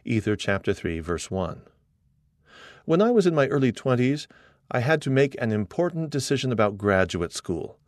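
A middle-aged man reading an article aloud as scripted narration, earnest and measured, quoting scripture. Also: medium pitch, big pitch swings, dry recording, studio quality.

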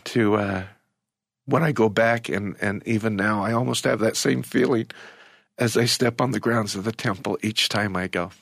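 An older man, an interview guest, telling a personal story in a halting, emotional way with many restarts. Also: on the low side, steady tone, creaky, fairly bright tone, no echo, clean studio sound.

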